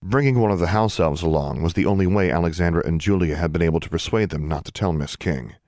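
A man narrating an audiobook in an even, measured reading. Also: low-pitched, no echo, studio quality. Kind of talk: scripted narration.

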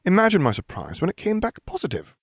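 A man voicing a bright, bossy teenage girl witch who talks in a prim, self-satisfied way. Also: high-pitched, wildly swooping pitch, quick pace, breathy edge, dry recording, clean studio sound, voice pushed up, exaggerated voice. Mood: smug.

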